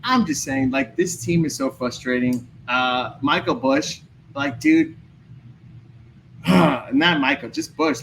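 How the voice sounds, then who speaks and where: Male podcast guest, high-ish voice, very animated, rants and vents in casual chat. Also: measured pace, gravelly, a little hiss or hum, low-quality recording. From Chicago area. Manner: excitable, ranting, venting frustration.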